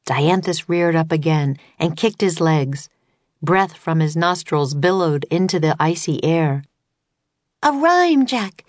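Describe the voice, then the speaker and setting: A woman reading a children's storybook as an audiobook, in calm, even narration. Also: sits low, measured pace, no echo, clean studio sound. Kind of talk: scripted narration.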